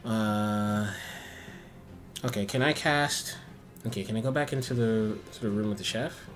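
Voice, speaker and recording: A man playing a tabletop game, laid-back and casual, swearing freely and thinking out loud with fillers. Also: lowish voice, measured pace. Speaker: player.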